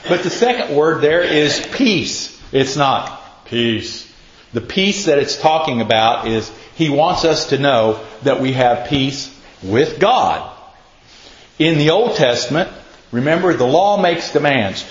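A man's voice: mid-range voice, expressive, measured pace. Folksy preacher man in an echoey hall. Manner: folksy storytelling, quizzes the listeners. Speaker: pastor. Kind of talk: casual sermon to a congregation. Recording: echoey, muffled room recording.

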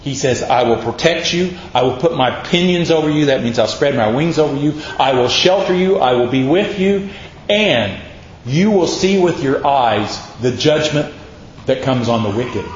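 A man preaching a sermon in an emphatic, folksy way, slowing down for quoted lines. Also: medium pitch, lively intonation, slight background noise. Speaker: pastor. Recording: roomy echo, dull lo-fi sound.

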